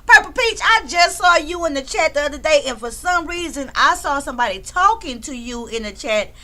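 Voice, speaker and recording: Chatty high-voiced woman streamer. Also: animated, a little fast. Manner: chatty, shouts out chat members, swears freely. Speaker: livestream commentary host. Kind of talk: casual livestream commentary.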